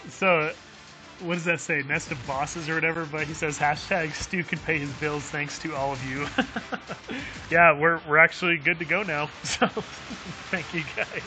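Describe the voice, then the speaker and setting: A man's voice: fairly high pitch, fairly even intonation, normal speed, over music, rough recording. A man live-streaming a game who reads viewer chat aloud, chuckling often and talking in a friendly, chatty way.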